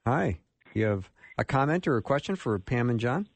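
A man hosting a call-in radio talk show, brisk and friendly as he announces and takes calls. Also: mid-range voice, lively intonation, slightly rough. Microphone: studio microphone.

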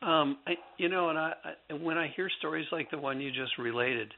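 A man who is an author being interviewed on a radio show, speaking reflectively with halting restarts over a phone line. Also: fairly high pitch. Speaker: guest author.

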